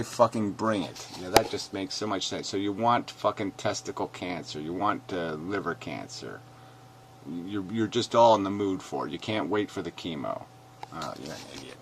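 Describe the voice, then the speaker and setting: A man ranting angrily and profanely as he reads comments aloud, mocking them in sneering voices and swinging between shouts and mutters. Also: lowish voice, a little hiss or hum. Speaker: video commentator. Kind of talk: angry rant reading comments aloud.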